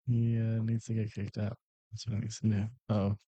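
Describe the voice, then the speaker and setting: A man's voice: on the low side, completely flat delivery, normal speed, mellow, slightly rough, lo-fi sound. A man co-commentating a pool match live, easygoing and bantering with his partner. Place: pool hall commentary booth.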